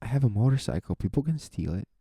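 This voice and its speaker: A young man talks through his thoughts on his own podcast, asking himself question after question and restarting his phrases as he goes. His voice is deeply dark and mellow, and the recording is dry with no room sound. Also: lively intonation, fast talker, husky, no room sound. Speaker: podcast host. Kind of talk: reflective solo monologue.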